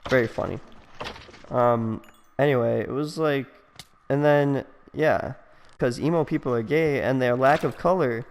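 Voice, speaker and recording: A man's voice: mid-range voice, unhurried, a little hiss or hum. Rambling young man joking over a game. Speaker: let's play host. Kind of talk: rambling casual chat over gameplay. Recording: long echoey reverb.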